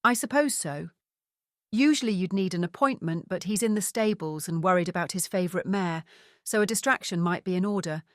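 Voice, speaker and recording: A woman voicing a stern, posh lady in her late sixties, who talks in a crisp, clipped way and barks orders, in an audiobook. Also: on the low side, brisk, dry recording, clean studio sound, natural voice. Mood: brusque. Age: 60s.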